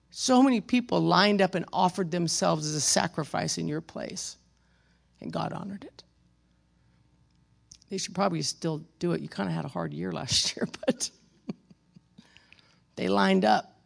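Pastor, sermon delivery, heavy vocal fry, punchy then hushed, talks right to the pews. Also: medium pitch, expressive, measured pace, pauses often. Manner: emphatic preaching, swinging between loud exhortation and quiet storytelling; addresses congregation members by name, with wry asides.

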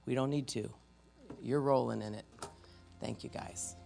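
A church trainer teaching spiritual warfare through stories, animated and joking at their own expense. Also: mid-range voice, measured pace, creaky, faint music behind. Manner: animated, acts out loud quoted voices.

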